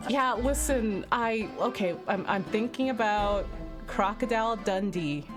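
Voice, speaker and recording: A woman's voice: mid-range voice, measured pace, music in the background. A young woman hosting a casual game live stream, bubbly, jokey and giggly. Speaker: streamer, host.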